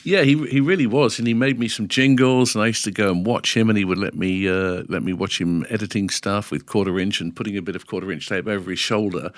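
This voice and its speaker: A middle-aged radio DJ with a deep voice tells lively anecdotes. He acts out bits of dialogue as he goes. The sound is dry and close. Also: no echo. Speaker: radio DJ guest. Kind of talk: casual podcast interview.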